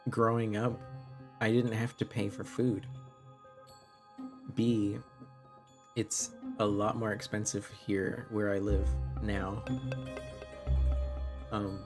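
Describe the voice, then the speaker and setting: A man's voice: fairly low pitch, darkish tone. A man in his twenties from Canada, chatting casually with his live-stream viewers and answering their questions with lots of fillers and restarts.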